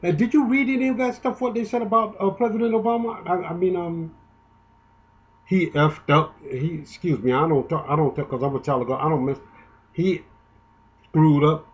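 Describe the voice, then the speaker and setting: A man's voice: fairly high pitch, moderate pace, lo-fi sound. A man giving an indignant, emotional, rambling political monologue, often restarting his sentences. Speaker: political commentator.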